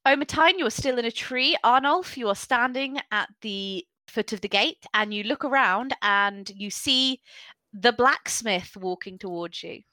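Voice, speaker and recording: Bright, teasing woman game master. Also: on the high side, dry recording, rough recording. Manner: brisk, teasing. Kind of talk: narrating a tabletop game.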